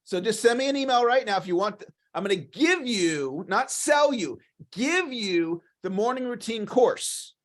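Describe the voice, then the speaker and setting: Man, motivational livestream talk, high voice, enthusiastic, repeats himself, clears his throat. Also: lively intonation, moderate pace. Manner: enthusiastic, repetitive, coaching. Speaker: sales coach.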